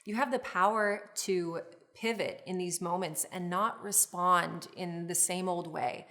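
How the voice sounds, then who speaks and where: A middle-aged woman with a somewhat low voice teaches a course on relationships. She explains each idea in an earnest way. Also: unhurried, pushed and bright. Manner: earnest, explanatory, with acted example phrases. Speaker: licensed therapist teaching a course. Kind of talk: instructional video lecture.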